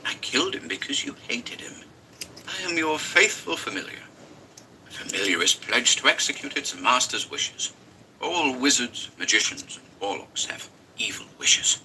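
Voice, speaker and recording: A man voicing a sly, cold little demon familiar that talks in a shrill, wheedling way, in a storybook reading. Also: very animated, moderate pace, pushed and bright, slight background noise, exaggerated voice, rough recording. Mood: coaxing.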